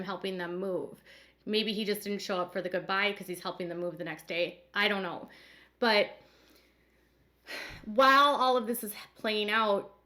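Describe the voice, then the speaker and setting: A woman's voice: mid-range voice, pushed and bright. A woman hosting a commentary channel, recapping and speculating in a chatty way with lots of fillers. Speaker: commentary host.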